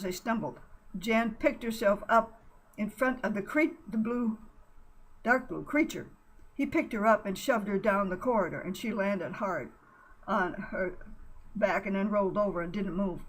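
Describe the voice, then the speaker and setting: A woman reading an adventure storybook aloud in an expressive way, with occasional stumbles and self-corrections. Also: medium pitch, low-quality recording. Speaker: narrator. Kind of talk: storybook narration.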